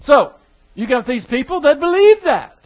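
A man's voice: very high-pitched, very animated, normal speed. A man preaching a sermon to his congregation, conversational and full of questions to the room. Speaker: pastor. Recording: dull lo-fi church recording.

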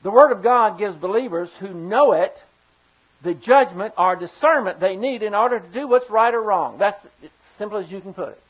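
Preaching forcefully at a moderate pace, a pastor keeps turning to his congregation with pointed rhetorical questions. His middling-pitched voice is animated and slightly rough, and the recording sounds a bit dull and lo-fi.

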